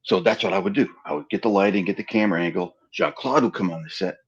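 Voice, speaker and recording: A husky, gravelly man with a fairly low voice spins stories as an interview guest. He jumps into the voices of the people in his tales. The sound is a little muffled and lo-fi. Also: quick pace. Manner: animated storyteller acting out quoted dialogue. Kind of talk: casual storytelling interview.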